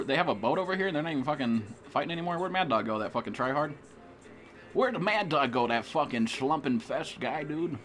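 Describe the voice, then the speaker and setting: A man's voice: a little high, fairly bright tone. A young American man streaming a game live, trash-talking with lots of swearing and hype while chatting with viewers. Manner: profane, hyped trash talk. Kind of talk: live gameplay commentary.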